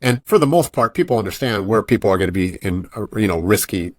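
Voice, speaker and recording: A man's voice: on the low side, quick pace, no room sound, clean studio sound. A man being interviewed on a podcast, a jiu-jitsu coach talking casually and acting out voices in his stories. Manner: animated storytelling, acts out quoted voices.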